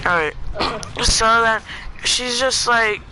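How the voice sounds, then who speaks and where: A man vlogger telling a storytime story in a rambling, excitable way, using "freaking" a lot, with music playing behind him. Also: very high voice, takes it slowly, very noisy. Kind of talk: storytime vlog. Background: background music.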